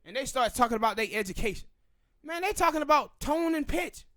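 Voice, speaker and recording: A man's voice: extremely high pitch, expressive, bright, forceful tone, dry recording, studio quality. A man with a Southern US accent, hosting a podcast and giving emphatic, opinionated commentary. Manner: emphatic, ranting, drawn-out pauses. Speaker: podcast host.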